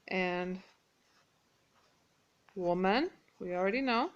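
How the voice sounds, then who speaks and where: Smooth-voiced woman teaching Mandarin. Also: mid-range voice, a bit bright. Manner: patient, repeats Mandarin phrases slowly and clearly. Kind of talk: casual spoken language lesson.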